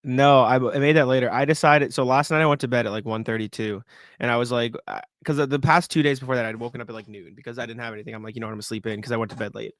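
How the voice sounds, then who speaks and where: A young man co-hosting a casual sports podcast, relaxed and rambling, laughing easily. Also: medium pitch, quick pace, dry recording. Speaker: podcast co-host.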